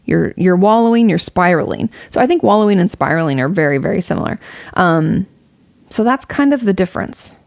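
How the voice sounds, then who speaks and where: Frank young woman with a gravelly voice. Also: fairly low pitch, expressive, fairly quick, darkish tone, no echo. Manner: candid and frank, swears casually; rambling with many fillers and restarts. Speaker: streamer answering a viewer question. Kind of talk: casual advice talk.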